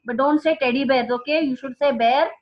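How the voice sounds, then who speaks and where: Brief: woman teaching a class, high voice, patient repetition, dull lo-fi sound. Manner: slow, repeating key words for students. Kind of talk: classroom vocabulary lesson. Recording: dull lo-fi recording.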